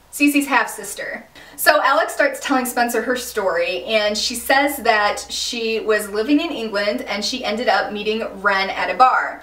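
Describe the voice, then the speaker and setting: Animated woman vlogger in an echoey room. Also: a little high, distant mic. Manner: animated, exclaims and laughs, slangy asides. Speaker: recap vlogger. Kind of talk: casual TV recap. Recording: echoey room, a bit off-mic.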